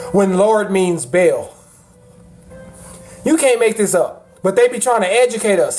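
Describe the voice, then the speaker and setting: Animated high-voiced man ranting on a livestream. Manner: animated, laughing, sermon-like rants. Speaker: livestreamer answering chat. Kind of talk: casual livestream commentary.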